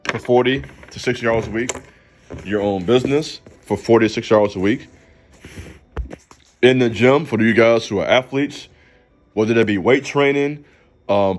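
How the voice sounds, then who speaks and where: A man hosting a faith channel, giving a motivational talk in an emphatic, preachy way and calling out to the listener directly. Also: mid-range voice. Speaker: channel host.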